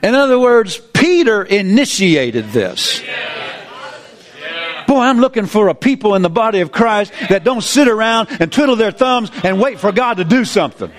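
A man preaching a sermon in an animated, folksy way, with laughing asides. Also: high voice, moderate pace.

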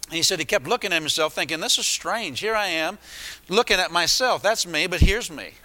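A man's voice: high-pitched, lively intonation, fairly quick, sharp tone. A man preaching a sermon, retelling a story with many restarts and asides. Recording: echoey hall.

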